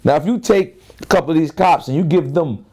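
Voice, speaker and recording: A rapper from Queens, New York, in his 30s, tells stories as an interview guest, loose and profane, acting out both sides of each exchange. His voice sits on the high side, fairly quick, with a darkish, slightly rough tone.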